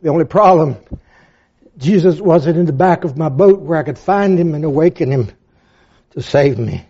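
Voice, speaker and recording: An older man preaching a sermon, dropping to a hush and then rising to impassioned, pleading peaks. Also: on the high side, lively intonation, moderate pace, slightly rough. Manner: dramatic, swinging from hushed to impassioned. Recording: dull lo-fi sound.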